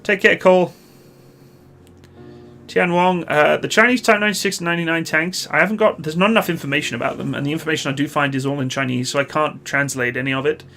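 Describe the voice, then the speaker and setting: A Canadian man, likely in his thirties, hosting a live stream, reading viewer questions and answering in a relaxed, rambling way with many pauses. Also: a little high, vocal fry, a little hiss or hum. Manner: relaxed, chatty, hesitant with many uhs.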